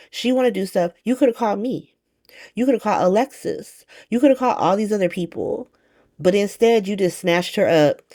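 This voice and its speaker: A woman's voice: medium pitch, darkish tone, dry recording, studio quality, natural voice. A woman voicing a protective father who lectures bluntly and swears freely.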